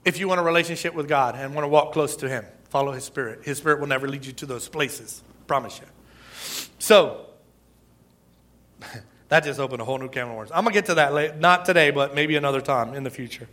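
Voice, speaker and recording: A man preaching a sermon in a lively, conversational way, with asides, chuckles and emphatic peaks. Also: medium pitch, fairly quick. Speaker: pastor.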